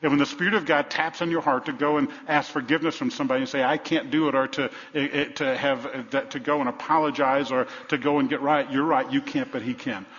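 A man preaching a sermon as pastor, repeating phrases for emphasis and dropping from loud to hushed. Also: mid-range voice, fairly even intonation, fast talker, few pauses. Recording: reverberant hall, dull sound.

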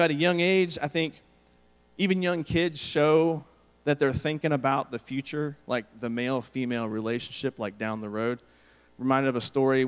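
A middle-aged man preaching a sermon, telling stories and acting out the quotes. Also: fairly high pitch. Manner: storytelling, animated, acts out quotes. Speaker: pastor. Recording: long hall reverb.

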